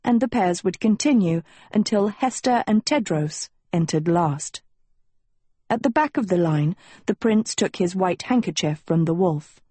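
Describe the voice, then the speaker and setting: A woman reading an audiobook in a measured, expressive storytelling style. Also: on the low side, breathy edge, no echo. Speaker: audiobook narrator. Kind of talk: scripted narration.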